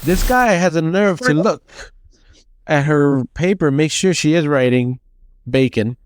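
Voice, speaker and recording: A man co-hosting a podcast, chatting casually and telling a story, acting out the people in it with lively changes of voice. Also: a little high, unhurried, dry recording. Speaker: podcast co-host.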